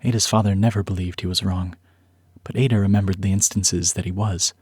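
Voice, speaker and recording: A male narrator reads a story script at a measured, even pace. His voice is low and slightly husky. The recording is close and dry, with no room sound. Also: no echo.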